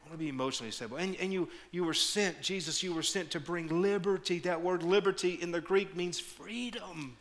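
Middle-aged male pastor, high bright voice, animated sermon delivery that drops into hushed prayer, frequent stumbles and repeats. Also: normal speed, few pauses. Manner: animated storytelling, repeats words, shifts to quiet prayerful tone.

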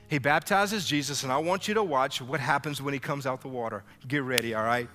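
A man preaching a lively sermon as pastor, acting out biblical dialogue for his congregation in church. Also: mid-range voice, a little fast. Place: church sanctuary. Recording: live hall reverb with faint music.

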